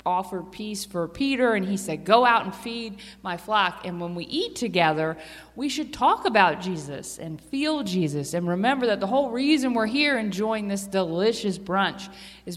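A woman giving a children's sermon, chatty and animated, asking the kids questions as she tells a story. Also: medium pitch. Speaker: children's church teacher. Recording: long reverb of a hall.

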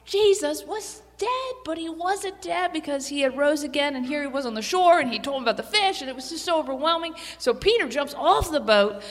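A woman giving a children's sermon, chatty and animated, asking the kids questions as she tells a story. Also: high voice, a little fast, hardly any pauses. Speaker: children's church teacher. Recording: long reverb of a hall.

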